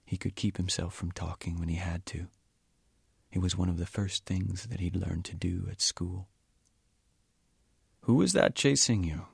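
Deep gravelly guy reading his book aloud, calm and measured, dry close sound. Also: no echo. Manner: measured, quiet, at times near a whisper. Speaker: author reading his novel. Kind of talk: audiobook-style reading.

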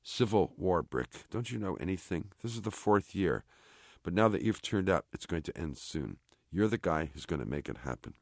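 A man reading aloud, voicing a chatty, bossy army sergeant in an offhand, brisk manner. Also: low-pitched, lively intonation, gravelly, darkish tone, dry recording, studio quality, full character voice. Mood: brusque. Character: gruff chatty male army sergeant, blunt.

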